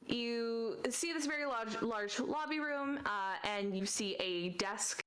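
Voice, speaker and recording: A woman's voice: fairly high pitch, slow, fairly bright tone, poor audio. Casual woman narrating a tabletop game. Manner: casual, descriptive, many "um"s. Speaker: dungeon master.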